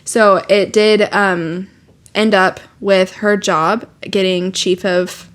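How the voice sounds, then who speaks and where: Young female podcast co-host, mid-pitch, filler-heavy, profane casual recap. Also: slow pace. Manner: animated retelling with profanity and "like" fillers. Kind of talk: casual book chat.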